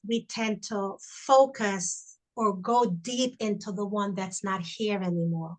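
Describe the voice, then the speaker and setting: A woman's voice: medium pitch, a bit bright, low-quality recording. Earnest middle-aged woman telling her story. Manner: earnest, reflective, speaks in halting restarts. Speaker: guest, bereaved mother and institute founder. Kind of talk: conversational webinar storytelling. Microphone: video call.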